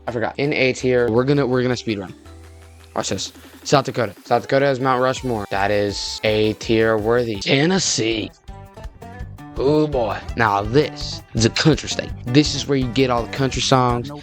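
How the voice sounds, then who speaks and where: With quiet music playing behind him, this young Texan video creator speaks in a mid-range voice at normal speed. His casual video commentary wanders and jokes around, and he keeps interrupting himself partway through sentences.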